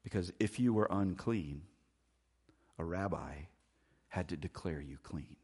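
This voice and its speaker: In an unhurried sermon, a pastor with a deep, husky, breathy voice moves between loud, urgent stresses and gentle, hushed remarks, sounding like he's at the pulpit.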